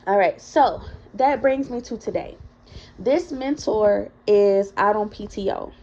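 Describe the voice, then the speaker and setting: A woman's voice: mid-range voice, measured pace, darkish tone. A woman telling a story from her own life in a casual vlog, chatty and candid, talking straight to her viewers. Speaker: vlogger. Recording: dull lo-fi recording.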